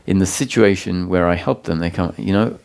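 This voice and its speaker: Low gravelly-voiced man teaching calmly. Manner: calm, explanatory, with frequent pauses and restarts. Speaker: spiritual teacher. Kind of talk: satsang talk.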